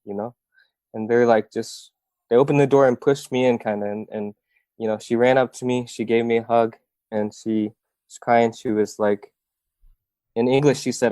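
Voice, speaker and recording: A man's voice: medium pitch, little pitch movement, normal speed, a little mellow, dry recording. A young man from Iowa telling his story as an interview guest, earnest and heartfelt, with many fillers and restarts.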